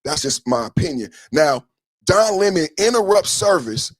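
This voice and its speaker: A man hosting a live podcast stream, commenting on clips in an emphatic, repetitive way that swings between soft talk and shouting. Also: a little high, sing-song, normal speed, no echo. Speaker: podcast host.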